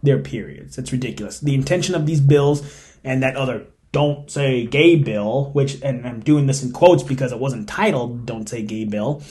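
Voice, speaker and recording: A man hosting a solo podcast, giving emphatic, opinionated commentary that swings between loud stressed points and quiet asides. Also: mid-range voice, moderate pace. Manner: suppressing laughter while reading. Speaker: podcast host.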